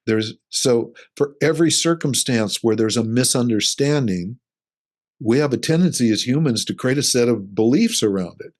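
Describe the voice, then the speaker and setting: A man's voice: medium pitch, lively intonation, moderate pace, darkish tone. A middle-aged man, a relationship coach, talking earnestly in an interview and explaining his ideas with acted-out examples. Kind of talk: casual interview conversation.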